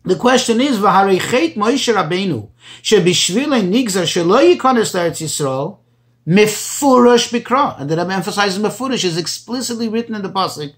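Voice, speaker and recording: A man teaching a Torah class, reading Hebrew phrases and translating each one into as he goes. His pitch jumps up when he stresses a point. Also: expressive, fairly quick, a bit bright. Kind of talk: Torah class explaining commentaries.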